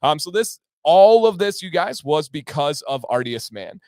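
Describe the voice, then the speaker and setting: Male livestream host, casual and excited, clean dry sound. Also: fairly high pitch, normal speed, no echo. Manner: enthusiastic, reads out viewer names.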